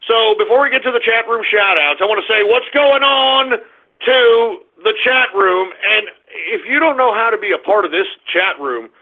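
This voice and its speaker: A man's voice: high voice, expressive, moderate pace. A man hosting an internet radio show, giving a market rundown in a brash, crude, mocking ranting style. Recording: phone-like lo-fi audio.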